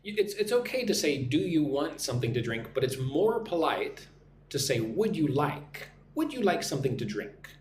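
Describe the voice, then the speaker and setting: A man's voice: fairly high pitch, big pitch swings, normal speed. A man from the United States hosting a live online English lesson, greeting viewers by name and drilling phrases for them to repeat. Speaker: English teacher and live stream host. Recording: echoey room, faint hum.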